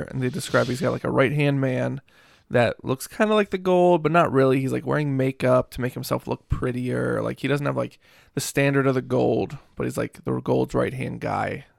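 Male podcast co-host with a heavy vocal fry and a rambling manner, recorded dry and close. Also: mid-range voice, normal speed, few pauses, dry recording. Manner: rambling, leans heavily on "like" and "um". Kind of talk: casual book discussion.

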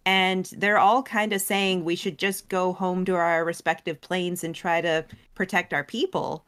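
Woman chatting lore recap, acts out the characters' lines, lively and casual. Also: on the low side, clear, resonant tone. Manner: animated, acts out characters' lines in quick voices. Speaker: co-host recapping story lore. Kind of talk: casual chat.

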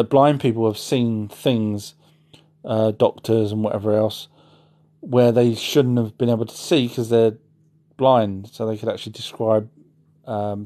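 A man's voice: on the low side, dark tone. A man hosting a casual livestream, answering chat in a rambling way and often correcting himself. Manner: rambling, self-correcting, apologetic asides.

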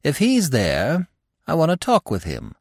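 A man's voice: a little high, huge pitch swings, unhurried, vocal fry, dry recording, studio quality, pitched above the performer's own voice, full character voice. A man voicing a proud, reckless young male deer who talks scornfully and in a superior way.

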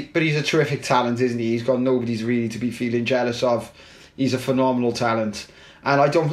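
A man talks football on a casual podcast in a mid-range voice. He is opinionated and easygoing, often pausing with fillers and restarting his sentences. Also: medium pitch. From Wales. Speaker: podcast co-host.

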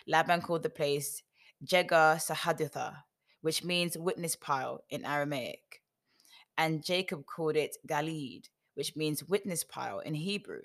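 A woman reading a scripture story aloud in a casual way, now and then breaking off for a wry joke. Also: sits low. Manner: reads aloud, breaking off for wry joking asides. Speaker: scripture reader.

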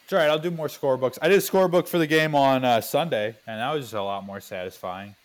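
A young man co-hosting a casual sports podcast, sarcastic and rambling, dropping into low mumbled asides. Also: fast.

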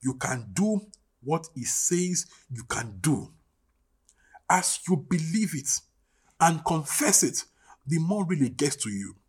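Male pastor preaching, husky tone, swinging animated delivery, hammering repeated phrases. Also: fairly high pitch, takes it slowly, pauses often. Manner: emphatic, repetitive preaching with call-and-response questions. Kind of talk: sermon.

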